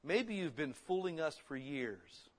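A man preaching a sermon in a church, blunt and folksy, with sudden loud emphatic bursts. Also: fairly high pitch, big pitch swings, measured pace. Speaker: pastor. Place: church hall.

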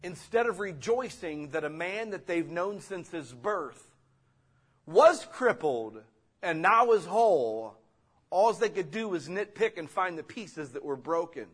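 A middle-aged man preaches a sermon as the pastor, his voice sitting a little high. He talks to the congregation like friends, dropping to quiet asides and then climbing into loud, urgent exhortation. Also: animated, unhurried, husky.

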